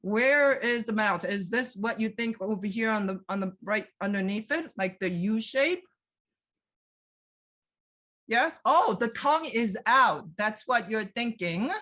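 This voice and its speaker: This woman's voice is on the higher side and her pace measured as she leads a virtual museum tour live on a video call. She engages viewers with questions, animatedly reading their answers aloud.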